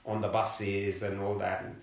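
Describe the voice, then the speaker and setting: A middle-aged man from London telling his life story in an interview, halting and repeating words as he searches for them. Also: lowish voice, monotone, gravelly. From London, England. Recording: roomy echoey room.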